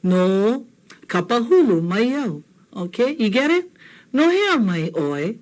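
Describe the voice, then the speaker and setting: A woman from Hawaii, teaching a casual language lesson, joking and repeating phrases slowly for learners. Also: a little high, sing-song, a little mellow.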